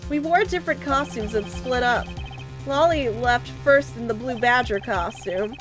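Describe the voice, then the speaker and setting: Woman voicing remorseful young man, earnest subdued confession, high-ish voice. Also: a little slow, a bit bright, faint music behind.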